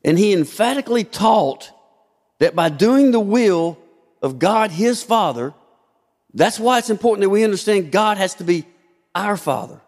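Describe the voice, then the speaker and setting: A man's voice: sits high, animated, moderate pace. A man preaching a sermon as pastor, asking rhetorical questions and shifting his emphasis often. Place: church sanctuary. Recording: long hall reverb.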